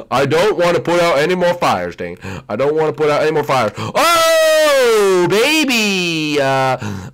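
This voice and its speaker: Excitable young man shrieking over gameplay. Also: on the high side. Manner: excitable, swings from mumbling to shrieking; playful trash talk with teammates. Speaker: gaming channel host. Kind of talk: live gameplay commentary.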